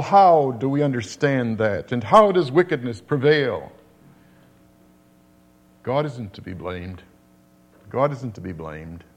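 An older man preaching a sermon, earnest and repeating phrases for emphasis, rising to emphatic declamation when quoting scripture. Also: fairly high pitch.

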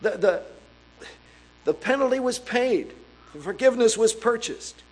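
A man delivering an earnest sermon in a voice a little higher than most men's. He reads scripture aloud and slows down to press hard on the words that matter. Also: lively intonation, darkish tone, poor audio. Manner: emphatic, slowing and stressing key words. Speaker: preacher.

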